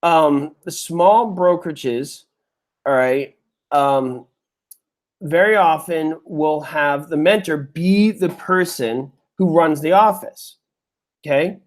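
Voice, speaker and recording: A man from New York hosts a live webinar, speaking into a desk mic in a slightly high voice. He is chatty and emotional and keeps calling his viewers "you guys". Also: slow pace. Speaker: webinar host.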